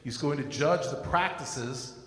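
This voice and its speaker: A man's voice: mid-range voice, a little slow. Earnest man preaching in an echoey room. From United States. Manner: earnest, personal testimony mixed with scripture. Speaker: Christian teacher. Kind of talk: recorded sermon. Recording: echoey room with long reverb.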